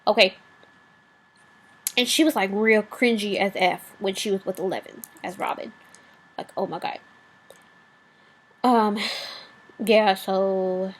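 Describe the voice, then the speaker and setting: A woman's voice: mid-range voice, steady tone, slow pace, pauses often, rough recording. A woman vlogger delivering a blunt, profanity-laced rant, rambling with asides and fillers.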